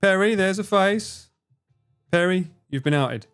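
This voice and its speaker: A man's voice: high voice, animated, measured pace, fairly bright tone, smooth, soft background music. A man streaming live, chatting casually with his viewers, swearing freely, laughing and bantering.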